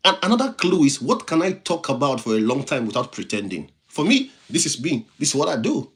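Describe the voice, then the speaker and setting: A man's voice: medium pitch, very animated, a little fast, fairly bright tone. A man with a non-native English accent hosting a motivational livestream, preaching in repeated phrases and thanking viewers by name. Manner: reads viewer comments and thanks them by name. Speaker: livestream host, motivational speaker.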